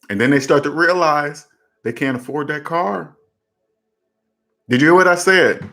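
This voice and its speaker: A man's voice: fairly high pitch, normal speed, pauses often, a bit bright. Emphatic man preaching about money. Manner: emphatic and repetitive, preachy, drives points home. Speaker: personal finance channel host. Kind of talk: casual commentary to camera.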